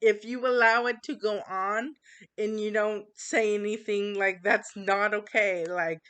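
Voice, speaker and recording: A woman speaking slowly and earnestly in a casual monologue, often pausing on fillers and restarting her sentences. Her voice is bright and smooth. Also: medium pitch, fairly even intonation. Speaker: channel host.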